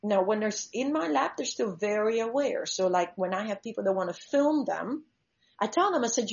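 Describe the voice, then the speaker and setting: Her medium-pitched voice is gravelly and lively in intonation as she talks at normal speed. She's a shark diver and conservationist telling stories in a conversational interview, acting out vivid examples along the way, on a slightly dull lo-fi recording.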